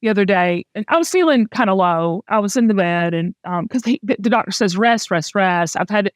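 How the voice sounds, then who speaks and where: A woman's voice: medium pitch, animated, fairly quick, no echo, studio quality. A middle-aged Southern woman hosting a candid, casual talk, speaking with heartfelt emotion and frequent restarts. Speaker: host.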